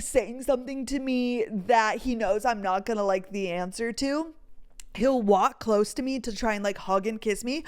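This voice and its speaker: A young woman hosting her own show, her voice sitting a little high. She tells stories in a loose, animated way, swearing freely and leaning on "like" in nearly every sentence. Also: clear, resonant tone. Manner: animated, swearing, lots of "like" fillers. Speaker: podcast host. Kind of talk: casual storytelling chat.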